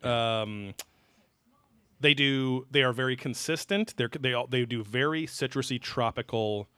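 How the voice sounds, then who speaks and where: A man's voice: medium pitch, measured pace, pushed and bright, smooth, no room sound. A man co-hosting a podcast, chatting casually over beers, rambling loosely and swearing offhandedly. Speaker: podcast co-host.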